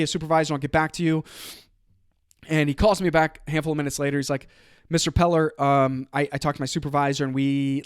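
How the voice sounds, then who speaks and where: A man hosting his own motivational podcast, telling a story in an energetic, conversational way and quoting others in his own voice. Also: fairly high pitch, dry recording, clean studio sound. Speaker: podcast host.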